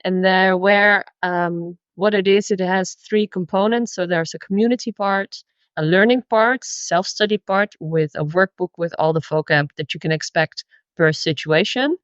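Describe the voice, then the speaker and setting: A woman's voice: on the low side, steady tone, normal speed, clear, resonant tone, dry recording, highs cut off. A woman from the Netherlands with a Dutch accent, a language teacher, eagerly explaining as a guest in a casual interview.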